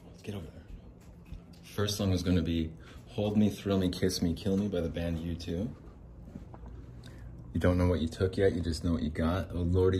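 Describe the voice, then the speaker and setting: Deep-voiced man rambling solo. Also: mellow, slight background noise. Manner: joking, digressive, acts out little scenes. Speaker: podcast host.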